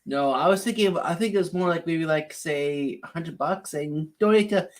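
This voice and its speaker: A man co-hosting a casual livestream who answers briefly and teases with a dry sense of humor. His voice sits a little on the high side. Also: normal speed. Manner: brief, dry replies, teasing. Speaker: co-host.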